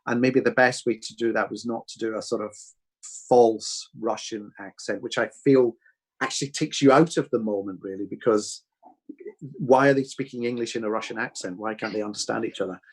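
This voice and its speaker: A film director with a lowish voice talks a little fast about his process in a reflective Q&A chat. He's thoughtful and rambling, restarting many times.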